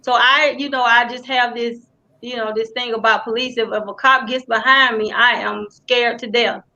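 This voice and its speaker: A woman's voice: fairly high pitch, steady tone, moderate pace, sharp tone, dull audio. A woman speaking earnestly in a casual panel discussion, restarting her sentences often. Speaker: panel guest.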